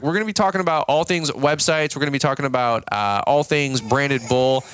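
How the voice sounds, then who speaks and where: A man's voice: medium pitch, brisk, clean tone. A sleep-deprived man hosting a casual podcast from a home nursery, telling stories with jokes and playful impressions. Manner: joking, animated storytelling with playful impressions. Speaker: podcast host.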